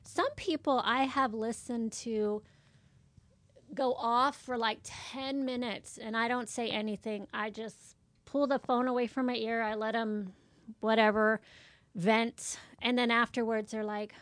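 A woman's voice: fairly high pitch, steady tone, measured pace, a bit bright, dry recording. A woman who works the front desk of a medical office, telling blunt, exasperated stories in casual chat and acting out the dialogue.

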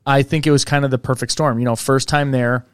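A man's voice: mid-range voice, steady tone, fairly quick, smooth, dry recording, clean studio sound. Tired man musing aloud on a podcast. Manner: thinks aloud, rambling, with fillers. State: tired, yawning late at night. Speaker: podcast co-host. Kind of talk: casual podcast chat.

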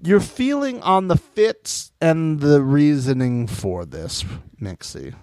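Animated high-voiced man chatting. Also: slow, dry recording, clean studio sound. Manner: animated, mocking, swears freely. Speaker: podcast co-host. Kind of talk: casual chat about reality TV.

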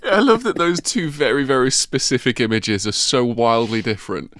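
A man's voice: mid-range voice, normal speed, a bit bright, no echo, studio quality. A man hosting a casual chat, reacting to a guest's story with short amused remarks.

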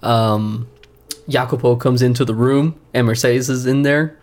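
A man's voice: medium pitch, fairly even intonation, a little slow, darkish tone. A man co-hosting a film podcast, chatting casually and often agreeing. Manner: agreeable, frequent affirmations. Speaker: podcast co-host. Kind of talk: casual film discussion chat.

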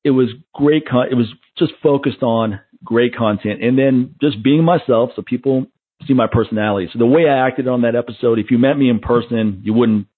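A man hosting a podcast, chatting casually and acting out little stories with animated voices. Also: medium pitch, a little fast, husky, no room sound. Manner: animated storyteller who mimics others. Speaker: podcast host. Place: Las Vegas. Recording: narrow phone-like sound.

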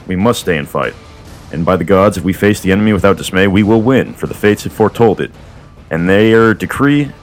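A man reading the part of an old, wise counselor, frank and paternal, lecturing the younger men. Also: low-pitched. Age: older.

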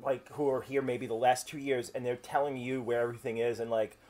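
A man's voice: mid-range voice, level tone, brisk, darkish tone. A man with a New York accent, chatting casually in a brash, profane, joking way. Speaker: podcast guest, filmmaker. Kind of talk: casual chat.

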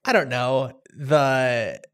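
A man trading film opinions in an easygoing podcast chat, mid-pitched and unhurried. He talks loosely, leaning on fillers and throwing in a casual curse now and then. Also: clear, resonant tone.

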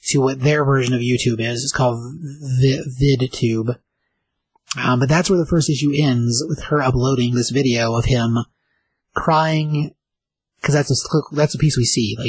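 A man's voice: mid-range voice, normal speed, breathy edge, dry recording, poor audio. A man casually recapping and reviewing a comic book issue, rambling with many fillers. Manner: rambling, filler-heavy retelling.

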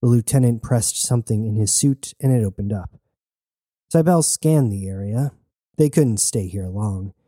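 Guy narrating an audiobook, super mellow dark voice, dry close sound. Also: lowish voice, expressive, moderate pace, dry recording. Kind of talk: scripted narration.

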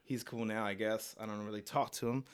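Baltimore-accented man, smooth rambling storyteller. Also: on the low side, fairly even intonation, fairly quick. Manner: rambling, laid-back storytelling with many fillers and laughs. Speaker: guest. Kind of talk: casual podcast chat.

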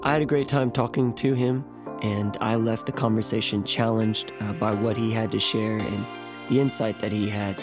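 A man hosting a podcast with a hoarse, worn voice, speaking in a friendly and earnest way as he introduces and interviews a guest. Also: on the low side, fairly even intonation, normal speed, over music. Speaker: podcast host.

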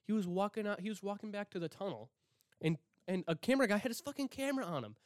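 A young man from Milwaukee hosting a casual solo podcast rant, profane and excitable, swinging from loud outbursts to hushed asides. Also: sits high, fast talker, no echo, clean studio sound. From Milwaukee, Wisconsin. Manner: profane, excitable, swings between shouting and whispering. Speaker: podcast host.

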